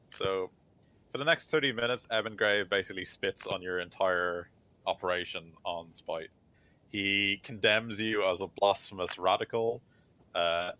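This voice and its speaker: Deep-voiced man running a tabletop game. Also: pushed and bright. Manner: loose, with many fillers. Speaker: game master. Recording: slightly dull lo-fi mic.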